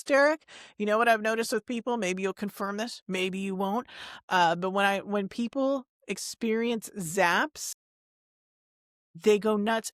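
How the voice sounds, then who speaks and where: Co-hosting a podcast, a woman chats casually and animatedly, restarting her sentences often. Her voice is medium-pitched with a fairly bright tone, recorded at studio quality with no room sound.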